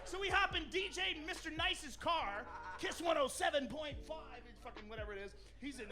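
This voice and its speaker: High-pitched man, stand-up comedian, crude animated storytelling, music underneath. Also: a little fast. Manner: crude, animated, acts out characters mid-story.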